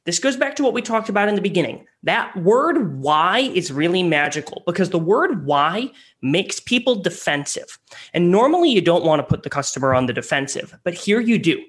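A man co-hosting a sales advice podcast, lively and acting out customer and rep lines. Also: high-pitched, normal speed. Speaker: co-host.

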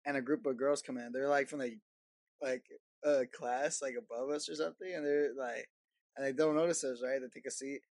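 A man's voice: medium pitch, fairly even intonation, brisk, a little mellow, no echo. A young man chatting casually with friends, telling a story with many fillers. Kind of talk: casual chat among friends.

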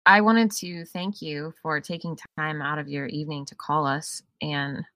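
A woman with a low, bright voice hosts a podcast and chats casually with her guest. She answers in short, friendly affirmations. The sound is dry and close to the mic. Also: steady tone, normal speed, no room sound. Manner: friendly listener, brief affirmations. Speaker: podcast host.

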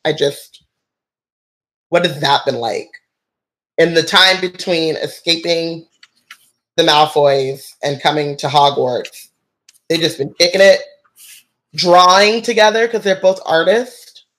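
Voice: medium pitch, slow pace, long pauses, fairly bright tone. A host reading a novel aloud and breaking off for chatty, enthusiastic commentary and listener comments.

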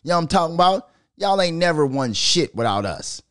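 A man from Minnesota hosting his own podcast, talking casually, swearing a lot and riffing into animated rants. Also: fairly high pitch, fairly quick, smooth, no echo, studio quality. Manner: profane, animated, riffing and ranting. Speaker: podcast host. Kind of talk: casual solo podcast rant.

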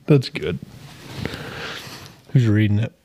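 A man's voice: fairly low pitch, animated, slow, dark tone, slight background noise. Rambling podcast co-host man. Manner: rambling, lots of fillers and restarts. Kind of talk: casual chat.

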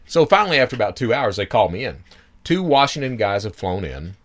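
A man hosting a podcast, telling his own story in an animated, profane, chuckling way. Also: fairly low pitch, fairly quick. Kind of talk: casual storytelling.

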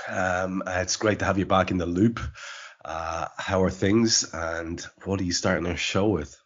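A man's voice: sits low, steady tone, moderate pace, lo-fi sound. A male podcast host in casual chat, rambling and teasing, with many fillers.

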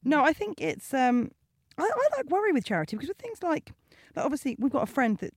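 A woman's voice: high-pitched, wildly swooping pitch, fast, dry recording, clean studio sound. A woman co-hosting a podcast, chatting in a jokey, rambling way. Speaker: podcast co-host. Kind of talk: casual chat.

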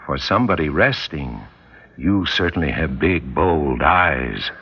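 A man's voice: a bass voice, animated, unhurried, husky, exaggerated voice. A man playing an insistent, probing psychologist in an old radio drama, talking in an intense, persuasive way. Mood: coaxing. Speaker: doctor and hypnotist. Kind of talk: 1950s radio drama acting. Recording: dull lo-fi old radio recording.

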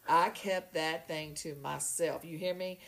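A woman, a podcast guest, telling a story in a lively, casual way and acting out other people's voices. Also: deep voice, unhurried, creaky. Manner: animated, acts out voices in her story.

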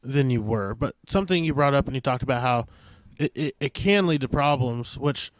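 A man's voice: medium pitch, expressive, moderate pace, no echo. A man hosting a podcast, asking questions in a casual, joking way with loose phrasing. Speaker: podcast host.

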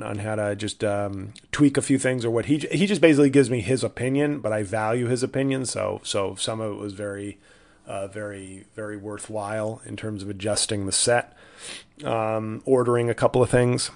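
A man's voice: lowish voice, fairly even intonation, normal speed, vocal fry, darkish tone. A man hosting a casual solo podcast, rambling and self-deprecating with many restarts. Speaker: podcast host.

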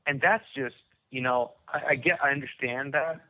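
A man's voice: medium pitch, normal speed. A man telling his story as a podcast guest, rambling with many restarts and repeated words. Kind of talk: conversational testimony. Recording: tinny phone-like line.

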